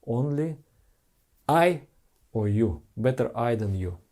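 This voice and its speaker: A man's voice: mid-range voice, expressive, takes it slowly, mellow. A man who is a spiritual teacher, giving an earnest, heartfelt devotional talk to followers in simple broken English.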